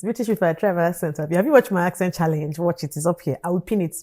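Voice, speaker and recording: A woman, telling a personal story in an animated vlog style and acting out the dialogue. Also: lowish voice, quick pace, hardly any pauses. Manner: animated storytelling, acts out dialogue, laughs often. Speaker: vlogger.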